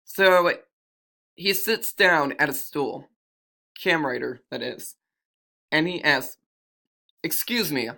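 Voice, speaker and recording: A man's voice: on the high side, slow, creaky, long pauses, bright, forceful tone. A man telling an improvised fantasy story in a rambling way, often correcting himself as he goes.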